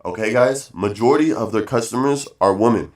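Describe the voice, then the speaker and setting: A man talks straight to his stream audience in a loose, emphatic rant. He keeps repeating his points and tags them with "guys" and "bro". He trails into fillers when he loses the thread. His voice sits at an ordinary middle pitch. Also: a little fast. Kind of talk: casual livestream rant.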